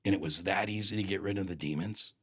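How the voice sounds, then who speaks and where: A man quoting a distraught young man, frightened and pleading, in his own low voice. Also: quick pace, fairly bright tone, husky, heavily acted.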